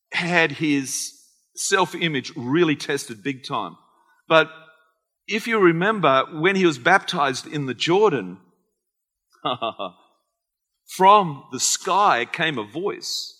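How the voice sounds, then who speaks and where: A man with an Australian accent preaching a sermon as pastor, animated and acting out conversations. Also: medium pitch. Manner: animated, acts out quoted conversations. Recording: long hall reverb.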